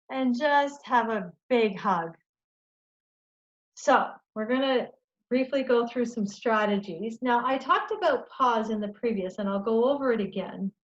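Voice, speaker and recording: A woman presenting a webinar for caregivers, talking in a gentle, reassuring way and often checking in with "okay?". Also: on the high side, highs cut off. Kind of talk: educational webinar talk.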